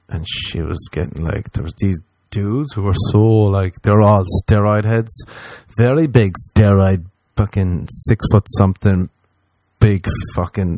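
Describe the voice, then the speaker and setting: A man's voice: deep voice, dry recording. A man casually telling a rambling, profane story, acting out what he and others said. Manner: rambling, profane, animated quoting of himself.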